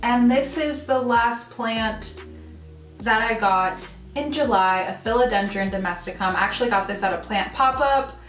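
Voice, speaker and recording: A woman's voice: fairly high pitch, normal speed, a bit bright, echoey room, soft background music. A woman chatting casually and gushing about her houseplants at home, with frequent ums and little laughs. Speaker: plant vlogger. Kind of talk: casual haul video chat. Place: home room full of houseplants.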